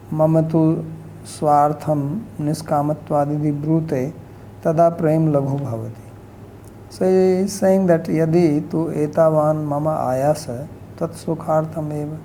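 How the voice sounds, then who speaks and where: A man teaching scripture, soft-spoken, letting his voice fade at the end of phrases and lifting his pitch to act out quoted lines. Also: slight background noise, low-quality recording. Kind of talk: lecture on scripture.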